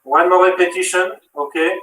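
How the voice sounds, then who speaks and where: A man with a French accent leads a workout, counting reps and coaching as he moves. His voice sits a little high. It sounds echoey and distant, as if he is far from the mic in a bare room. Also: fairly even intonation, normal speed, noisy background. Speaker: fitness instructor. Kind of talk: live workout demonstration.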